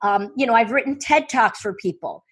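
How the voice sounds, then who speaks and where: A woman speaking coach telling stories in an interview, excitable and full of quick restarts and asides. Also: on the high side, slightly rough. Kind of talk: enthusiastic interview storytelling.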